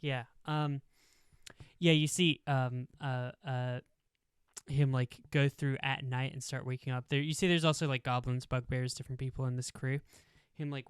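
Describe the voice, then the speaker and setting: A man's voice: medium pitch, clean tone, no room sound, clean studio sound. A young man narrating a tabletop game as game master, rambling with lots of fillers. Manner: rambling, full of "like" and "um".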